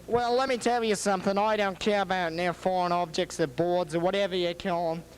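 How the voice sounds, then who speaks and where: A man's voice: high voice, fairly even intonation, fairly quick, clear, resonant tone, natural voice, rough recording. A man playing a brash wrestling manager with a put-on Australian accent, taunting and boastful in a TV promo. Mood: defiant.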